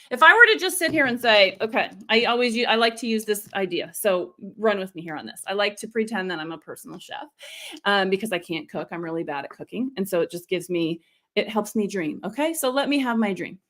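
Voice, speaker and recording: A woman hosting a live coaching session, speaking straight to her viewers. Her voice is bright and slightly high, and she keeps an upbeat, conversational manner, often pausing to ask "okay?". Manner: upbeat and chatty, with frequent "okay?" checks. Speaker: business coach hosting a livestream. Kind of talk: live-stream teaching, reading viewer comments.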